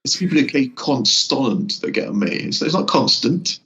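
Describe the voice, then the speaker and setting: A man's voice: medium pitch, expressive, normal speed, a bit bright, lo-fi sound. A man from Newport with a South Welsh accent, a guest in a casual podcast chat. He teases wryly, swears, and slips between an English and a Welsh lilt. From Wales. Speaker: guest musician.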